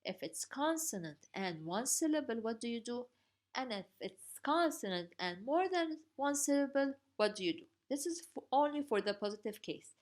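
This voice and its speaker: A woman's voice: a little high, expressive, moderate pace. A woman teaching a grammar lesson, patiently spelling out each form step by step. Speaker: language teacher.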